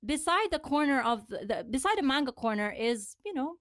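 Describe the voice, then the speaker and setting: A woman co-hosting a casual podcast, telling animated stories and laughing often. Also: high voice, fairly quick, dry recording, clean studio sound. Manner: animated storytelling with frequent laughter. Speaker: podcast co-host.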